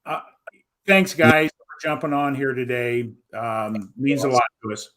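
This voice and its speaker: A man hosting a show over a video call, speaking in a measured, affirming way. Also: medium pitch, a bit bright. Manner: measured, affirming, praising guest. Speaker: show host. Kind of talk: interview chat.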